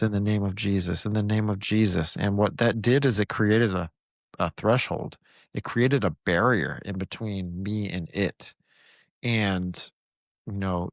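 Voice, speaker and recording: A man's voice: low voice, creaky, no echo, studio quality. A man, a podcast host, telling a story casually and intensely, full of restarts and fillers. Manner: animated, intense retelling with many restarts and fillers.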